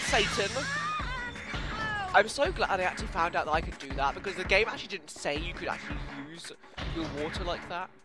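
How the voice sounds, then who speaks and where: Jumpy English gamer, lively pitch. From England. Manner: jumpy and excitable, screams when startled, then chats softly to viewers. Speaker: let's play gamer. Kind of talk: casual horror game commentary. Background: game music.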